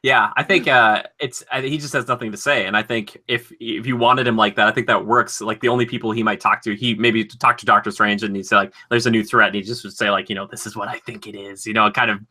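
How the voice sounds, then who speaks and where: A podcast co-host, a man with a strikingly bright, forceful tone. He talks in an eager, rambling way, stacking "like" between thoughts. It is relaxed, loose conversation. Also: lowish voice, quick pace, few pauses. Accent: Minnesotan. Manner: enthusiastic, rambling, lots of "like". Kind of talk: casual chat.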